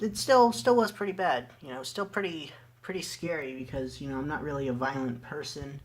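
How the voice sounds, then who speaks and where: A man's voice: fairly high pitch, a little hiss or hum. A young man vlogger telling a story casually, rambling with lots of fillers and swearing freely.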